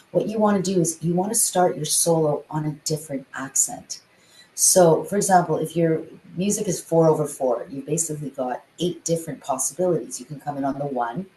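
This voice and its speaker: A woman musician chatting in an interview, often singing rhythms out loud. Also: sits low, echoey room, slight background noise, rough recording. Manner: chatty, sings rhythms aloud. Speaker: guest, musician and composer. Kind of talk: casual interview chat.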